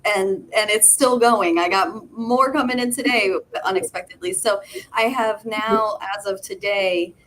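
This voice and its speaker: A woman guest in a casual podcast chat, talking excitedly and emphatically, rushing ahead when thrilled. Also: medium pitch, slight background noise, poor audio. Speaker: guest business owner.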